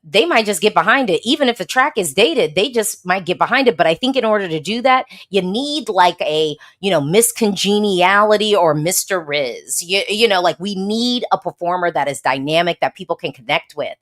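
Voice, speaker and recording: A woman's voice: medium pitch, animated, normal speed, few pauses, fairly bright tone. A woman from the United States hosting a casual livestream, chatting sassily and answering viewer comments. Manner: chatty, sassy, frequent laughs and emphatic repeats. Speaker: Eurovision blogger, host.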